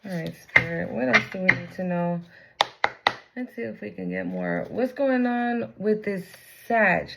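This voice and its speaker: A woman's voice: mid-range voice, very animated, measured pace, gravelly, heavy background noise. A woman giving a casual tarot reading, blunt and profane, full of slang. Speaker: tarot reader.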